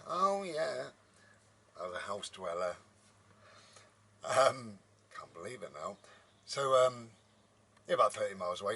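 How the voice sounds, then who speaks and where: A man's voice: fairly low pitch, bright, forceful tone, slightly rough. A man telling a story to camera in a rambling, casual way, with many ums, inside a motorhome. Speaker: vlogger.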